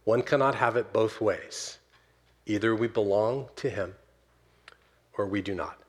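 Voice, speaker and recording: A man preaching a sermon to his church as pastor, swinging from loud emphatic stresses down to soft, slow closing words. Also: lowish voice. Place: church sanctuary.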